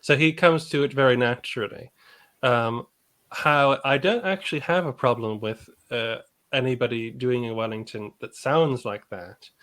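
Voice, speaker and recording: A man's voice: mid-range voice, fairly bright tone. A man, a guest historian on a livestream, thinking aloud with restarts and small laughs. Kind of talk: livestream reaction discussion.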